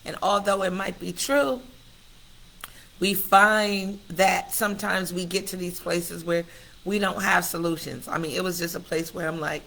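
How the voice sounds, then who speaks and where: A woman's voice: on the low side, steady tone, measured pace, creaky, a bit bright, a little hiss or hum, low-quality recording. A middle-aged woman hosting her own livestream, speaking candidly and from the heart in a preacher-like cadence, often turning straight to her viewers. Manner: addresses viewers directly and often. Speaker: host of her own live stream. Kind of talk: candid personal livestream talk.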